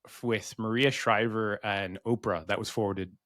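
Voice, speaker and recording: A man's voice: fairly low pitch, steady tone, normal speed, a bit bright, no room sound, studio quality. A middle-aged American man co-hosting a podcast, rambling in casual chat and swearing freely. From United States. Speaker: podcast co-host.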